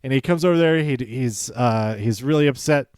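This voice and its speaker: A male podcast host chats casually through a show recap, chuckling often, stumbling over his words and interrupting himself, and acting out quoted lines in livelier voices. His mid-range voice is darkish and smooth at a moderate pace. The sound is clean studio quality with no room sound.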